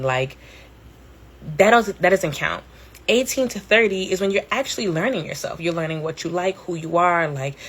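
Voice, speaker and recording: A woman in her thirties tells a story in a casual, rambling way, with fillers and the odd curse. Her voice is low and gravelly with a husky edge. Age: 30s. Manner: candid, rambling, fillers and swearing. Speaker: podcast host. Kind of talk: casual storytelling on a live stream.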